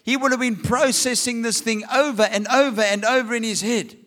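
A man's voice: very high voice, fairly even intonation, fairly quick, pushed and bright. A man preaching a sermon, reading scripture and asking rhetorical questions with humorous asides. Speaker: pastor.

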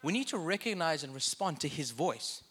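A man's voice: on the high side, very animated, moderate pace, fairly bright tone, breathy edge. A man preaching a sermon in a conversational way, with joking asides.

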